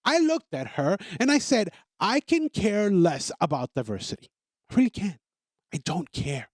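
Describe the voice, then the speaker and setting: A man with a high, very lively voice that swings up and down as he pushes his points. He talks emphatically, circles back on his phrases and stumbles over restarts. The sound is dry and close, with no room around it. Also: moderate pace, no room sound. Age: adult parent. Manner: emphatic, repetitive, stammers on restarts. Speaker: podcast host. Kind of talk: opinionated monologue.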